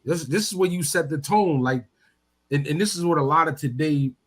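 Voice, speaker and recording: A man with a somewhat high voice talks in a loose, animated way on a sports podcast. He doubles and triples words as he builds an argument. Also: a little fast. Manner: animated, repeats words when pushing a point. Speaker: podcast co-host. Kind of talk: casual sports chat.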